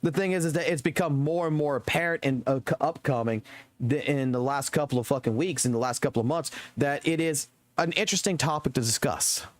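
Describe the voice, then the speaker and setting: A man's voice: fairly high pitch, brisk, no room sound. A man streaming games and ranting to his chat, swearing often and repeating himself for emphasis. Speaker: game streamer.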